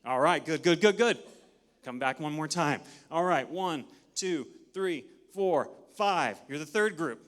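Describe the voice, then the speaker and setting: A man giving an energetic, interactive talk at a conference, leading the audience through counts, a little out of breath. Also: on the high side, unhurried. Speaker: conference speaker. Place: large conference hall. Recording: long hall reverb.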